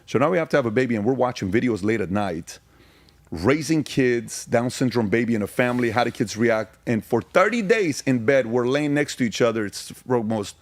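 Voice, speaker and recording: A man in his forties from Iran, a podcast guest telling personal stories in an intense, emphatic way with rapid repeated phrases. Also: mid-range voice, expressive, no echo. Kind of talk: candid personal storytelling.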